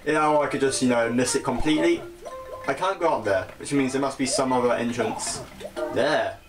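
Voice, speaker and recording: A young man with a British accent talks his way through a video game in a loose, self-mocking style. His pitch sits mid-range, and lively game music plays clearly behind him. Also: a little fast. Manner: chatty and self-mocking, laughs at his own mistakes. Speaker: gaming channel host. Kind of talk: casual let's-play commentary.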